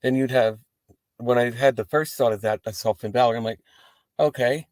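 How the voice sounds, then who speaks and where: A man hosts a wrestling post-show from inside his parked car, chatting to the camera in a rambling, profane way with animated asides. His voice sits at an ordinary middle pitch. The sound is close and dry, with no room echo. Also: a little fast. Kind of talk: casual talk to camera.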